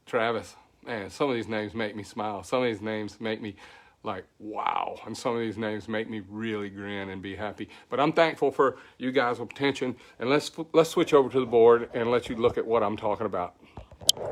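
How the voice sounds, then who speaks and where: A rambling, folksy man with a Southern country drawl and a voice still a little hoarse from recovering. He talks in an easygoing, grateful way, greeting viewers one by one as the host of his weekly livestream. His pitch sits in an ordinary middle range. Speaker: host of a weekly tech show.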